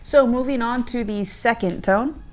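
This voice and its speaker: A woman's voice: on the high side, a little slow, slight background noise. A woman hosting a language lesson, explaining in a chatty way with fillers and glancing at her notes. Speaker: host and language learner.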